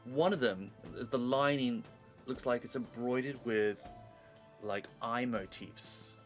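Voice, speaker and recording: A man's voice: mid-range voice, slow pace, faint music behind. A man narrating as game master of a tabletop game, rambling through his descriptions. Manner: rambling, with many fillers and restarts.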